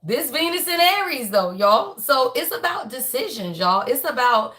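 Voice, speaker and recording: A woman's voice: high-pitched, sing-song, normal speed, pushed and bright. A woman hosting a casual livestream astrology reading, chatty and folksy, who keeps calling her viewers y'all. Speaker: astrology and tarot reading host.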